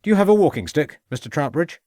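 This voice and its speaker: A man's voice: on the high side, sing-song, quick pace, darkish tone, no room sound, clean studio sound, voice pushed up. A man voicing a stern police inspector who questions firmly and with threats.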